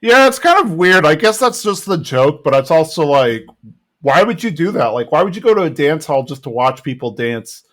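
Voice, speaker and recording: A man's voice: a little high, very animated, normal speed, fairly bright tone. A man co-hosting a podcast, casually retelling a cartoon episode in a rambling way and quoting the characters' lines. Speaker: podcast co-host. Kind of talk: casual recap chat.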